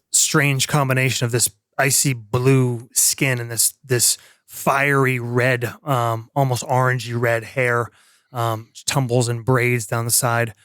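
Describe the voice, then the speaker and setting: A man narrating as game master, halting and full of restarts, on a close mic. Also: medium pitch, a bit bright, no echo. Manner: halting, many fillers and restarts.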